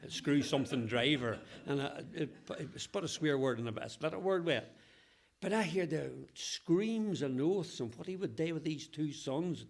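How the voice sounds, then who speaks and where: A man's voice: fairly high pitch, expressive, normal speed, creaky. A man in his eighties from Ballywalter with a Northern Irish accent, telling local stories from his childhood with frequent chuckles and broad local dialect. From Ballywalter, Northern Ireland. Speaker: local historian interviewee. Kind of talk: reminiscing storytelling.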